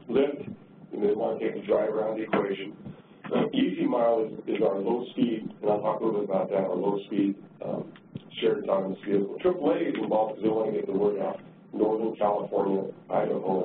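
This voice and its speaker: A transportation agency director with a low, gravelly voice gives a loose, conversational conference talk, often repeating words as he thinks. The recording sounds distant, tinny, roomy and noisy.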